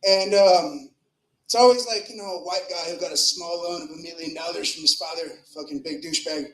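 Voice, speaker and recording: Male stand-up, high voice, crude rambling open mic delivery, roomy club sound. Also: brisk, fairly bright tone. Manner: crude, rambling delivery with fillers and shifting volume. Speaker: stand-up comedian. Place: comedy club with live audience.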